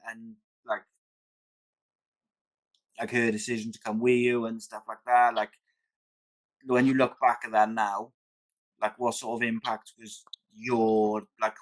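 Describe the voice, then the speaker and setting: A man's voice: medium pitch, a bit bright, rough recording. A man hosting a podcast, asking hesitant, searching questions and calling his guest "mate". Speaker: podcast host. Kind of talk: interview questions.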